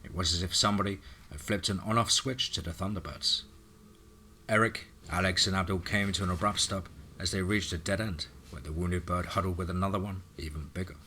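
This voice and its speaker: A man's voice: low-pitched, steady tone, brisk, sharp tone, a little hiss or hum. A man narrating a scripted action horror story in a dramatic reading.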